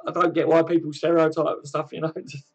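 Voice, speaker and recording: A man's voice: fairly high pitch, flat delivery, quick pace, darkish tone, breathy edge, poor audio. An English man hosting a casual fan live stream, chatting to viewers and answering their comments, calling them mate and laughing often.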